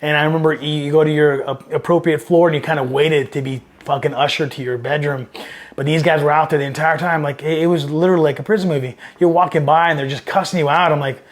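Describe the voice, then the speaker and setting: A man's voice: a little high, fairly even intonation, fast talker. A middle-aged man from Southern California, a Marine veteran telling war-era stories in a casual, profane, rambling way, livening up when he quotes others. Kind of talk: casual storytelling interview.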